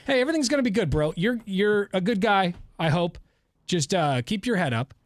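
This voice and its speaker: A man's voice: high-pitched, animated, no room sound, clean studio sound. A man hosting a morning radio show, joking and laughing with co-hosts and callers. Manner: fast, joking, laughs often.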